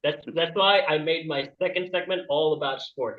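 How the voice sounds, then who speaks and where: A man's voice: on the high side, normal speed, few pauses, reverberant, far from the mic, narrow, tinny audio. A man doing a rambling stand-up comedy bit over a video call, laughing at his own jokes. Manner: rambling and self-amused, laughing at his own jokes, with jumpy shifts in loudness.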